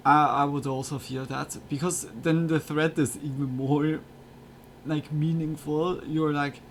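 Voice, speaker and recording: Streamer dude, kinda high voice, rambly filler talk, usb mic with faint hiss. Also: male voice, level tone, a little slow. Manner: chatty, filler-heavy, slightly broken English. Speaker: streamer reacting to videos. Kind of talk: casual reaction commentary. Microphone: USB desk microphone.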